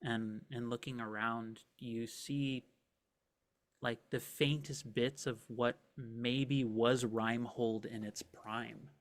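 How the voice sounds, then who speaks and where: A man's voice: medium pitch, fairly even intonation, slow. A man narrating a tabletop game as game master, describing scenes casually and vividly with many filler words.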